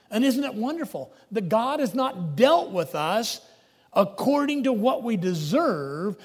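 A man preaching a sermon, emphatic, swinging between loud declarations and hushed asides. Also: sits high, breathy edge. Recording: long reverb of a large hall.

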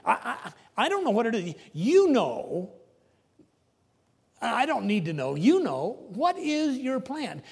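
A man preaching a sermon, emphatic, swinging between loud declarations and hushed asides. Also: extremely high pitch, wildly swooping pitch, slow pace, vocal fry, husky. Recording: long reverb of a large hall.

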